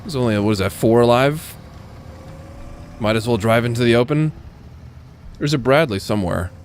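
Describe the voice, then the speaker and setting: A man's voice: mid-range voice, normal speed. A young American man gives casual live gameplay commentary in an ordinary mid-range voice. He swears freely and drifts into silly asides. There is a faint noise in the background. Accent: General American. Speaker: gaming streamer.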